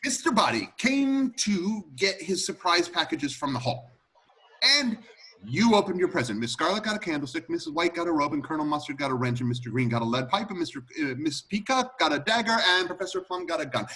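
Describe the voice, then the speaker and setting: A man playing a lively, excitable butler. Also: fairly high pitch, a little fast. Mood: animated. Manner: animated, theatrical explaining. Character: excitable male butler laying out a murder solution. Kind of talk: amateur script read-through.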